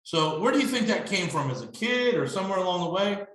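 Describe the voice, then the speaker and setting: Male host, rambling chatty questions, slightly high bright voice, roomy echo. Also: lively intonation, quick pace. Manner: rambling, full of restarts and fillers. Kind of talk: casual interview chat.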